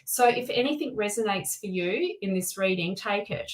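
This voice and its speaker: A woman hosting a live tarot stream, talking in a chatty, excitable way with many restarts and asides. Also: medium pitch, moderate pace, hardly any pauses, poor audio. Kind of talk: casual live-stream chat.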